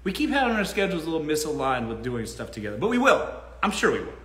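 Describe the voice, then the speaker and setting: Animated, high-voiced, blunt male host. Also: fast. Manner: blunt, animated, swears freely. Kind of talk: casual live Q&A. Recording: roomy echo.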